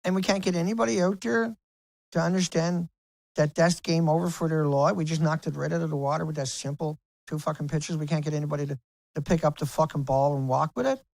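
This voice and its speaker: A man's voice: fairly high pitch, fairly even intonation, fast, creaky, darkish tone, no room sound, rough recording. A man ranting to camera in an angry vlog, heated and profane, repeating himself. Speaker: video blogger.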